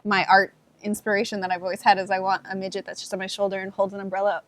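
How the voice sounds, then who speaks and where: A woman's voice: mid-range voice, flat delivery, fast, a bit bright. A woman playing a tabletop game, talking in a giggly, rambling way. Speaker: player. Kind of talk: casual tabletop play.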